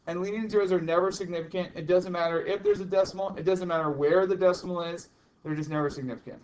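A man's voice: sits high, steady tone, quick pace, a little mellow, lo-fi sound. A male chemistry teacher lecturing a class, chatty and teasing, repeating the key points. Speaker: high school chemistry teacher.

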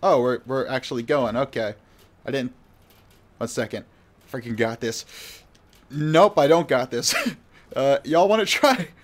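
A man's voice: mid-range voice, a little slow, pauses often. A man giving live gameplay commentary in a rambling, flustered, self-mocking way. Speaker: gamer.

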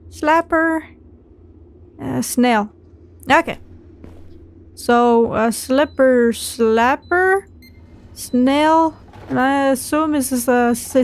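A woman playing a video game and commenting as she goes, swearing often and getting loud and excitable, talking to the creatures on screen. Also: high voice. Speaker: gamer. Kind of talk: let's play commentary.

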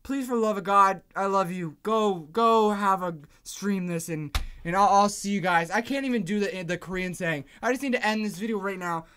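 A woman reacting to a song in a vlog, shouting, swearing and near tears with excitement. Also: mid-range voice, normal speed, hardly any pauses, a little hiss or hum. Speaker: reaction vlogger. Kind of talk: music reaction video.

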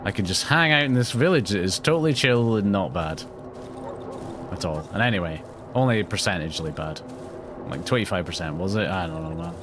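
A man's voice: low-pitched, animated, brisk, background noise. A Scottish man with a self-mocking, joking manner, commentating a horror game. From Scotland. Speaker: gaming YouTuber. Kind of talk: let's play commentary.

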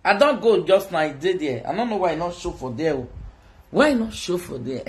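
A social media streamer with a Nigerian accent banters with her audience, mimicking sales pitches in a sing-song way and moving between Pidgin and Yoruba. She speaks at normal speed in a low-pitched voice full of lively intonation.

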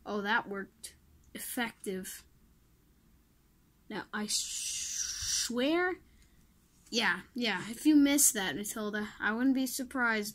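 A woman plays a mobile game and talks her way through it, begging shots to work and laughing at her own misses. Her voice sits a little high and she speaks slowly, trailing off into muttered asides. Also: animated, a bit bright. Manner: self-mocking, pleading with the game, muttering asides. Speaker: gamer playing a mobile game. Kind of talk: casual gameplay commentary.

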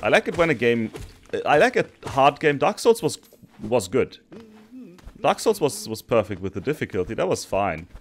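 A man's voice: medium pitch, very animated, moderate pace, a little hiss or hum. Frustrated swearing gamer man. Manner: swearing, frustrated, swings between shouting and muttering. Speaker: gaming streamer. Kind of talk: let's play commentary.

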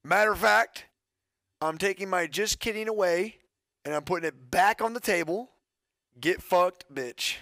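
Male streamer, high voice, dry close sound, mocking and profane trash talk. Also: a little slow, vocal fry, pushed and bright, no echo. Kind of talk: reading donations on stream.

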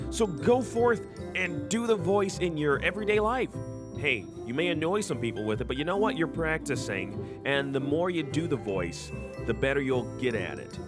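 A man narrates in an upbeat, announcer-like voice, his pitch jumping around in a lively way. The script is delivered brightly and is clearly read. Music plays clearly behind him.

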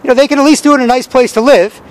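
A man's voice: very high-pitched, steady tone, racing, poor audio. A man delivering a rambling, profane street rant outdoors in a city square. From Canada.

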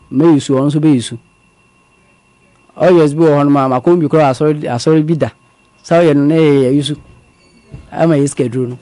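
Male guest, measured testimony, slightly high but warm tone. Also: dry recording. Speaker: guest telling his story. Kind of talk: conversational testimony.

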